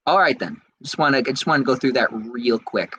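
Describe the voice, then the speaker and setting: A man hosting a podcast, reading out viewer comments in casual chat and answering them in an excitable, rambling way. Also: mid-range voice, brisk, lo-fi sound, slight background noise. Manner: excitable and rambling, with frequent restarts. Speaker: podcast host.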